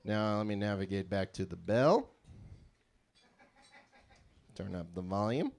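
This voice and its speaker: A young man from California doing a live stand-up set in a small venue, deadpan and prone to rambling digressions. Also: lowish voice, measured pace, creaky. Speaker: stand-up comedian.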